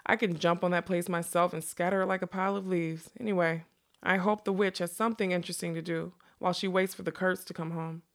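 A woman's voice: on the low side, steady tone, fast, lightly acted. A woman voicing a bold, scornful young woman in a novel read aloud, blunt and dismissive.

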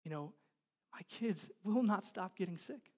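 A man in his thirties, a pastor preaching a sermon in a church, moving from loud pleading to hushed intensity. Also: high-pitched, expressive, measured pace. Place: church hall.

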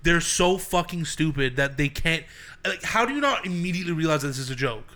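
Young guy rambling on a podcast, bright sharp voice, kinda high, swears a lot. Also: lively intonation, a little fast. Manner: rambling, profane, laughs a lot. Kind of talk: casual chat.

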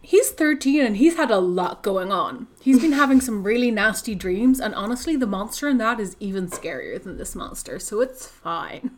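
A woman's voice: mid-range voice, expressive, moderate pace, hardly any pauses. A woman hosting a podcast, chatting casually about a book she is recapping, with frequent fillers. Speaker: podcast host discussing a book. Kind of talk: casual chat.

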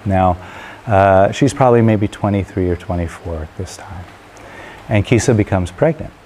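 A man tells a traditional parable in an unhurried, relaxed manner, pausing with fillers now and then. His voice is deep and low. A faint hum of noise sits behind him. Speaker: storyteller. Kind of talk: spoken parable storytelling.

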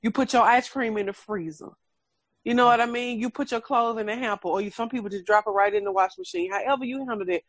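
A woman's voice: on the high side, no echo. A woman co-hosting a casual chat, speaking frankly, swearing freely and laughing often.

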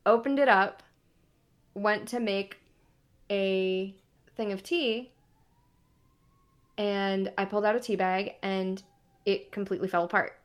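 A woman's voice: medium pitch, fairly even intonation, takes it slowly, long pauses, clean tone. A woman co-hosting a podcast in casual chat, telling a story full of fillers and quoted reactions. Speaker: podcast co-host.

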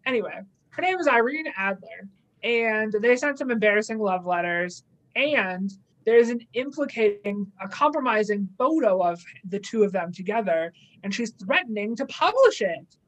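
A woman's voice: medium pitch, lively intonation, moderate pace, poor audio. A young adult woman in casual chat, animatedly recapping an episode and slipping into playful quoted asides. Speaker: podcast co-host.

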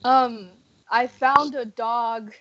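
A woman plays her character in a tabletop game at an unhurried, drawn-out pace and a fairly high pitch. She hesitates often and fills gaps with ums. The sound is dull and lo-fi, with faint noise behind her. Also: fairly even intonation, fairly bright tone. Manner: hesitant, lots of fillers. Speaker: player. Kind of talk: casual in-character tabletop play.

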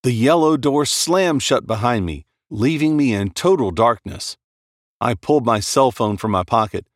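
Man, horror story narrator, lively expressive delivery, dry close sound. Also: medium pitch, moderate pace, no echo. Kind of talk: scripted first-person horror narration.

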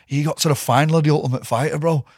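A man's voice: on the high side, steady tone, rapid-fire, a little mellow, husky, no room sound, studio quality. A man and former fighter hosting a casual podcast chat, swearing and saying "mate.". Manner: laid-back, swears, says "mate".

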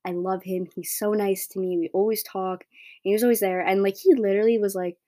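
A woman's voice: medium pitch, steady tone, a little fast, mellow. A teenage girl hosting her own podcast, talking in a casual, blunt monologue full of "like" and "right?". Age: teens. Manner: chatty, blunt, heavy use of "like" and "right?". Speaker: podcast host.

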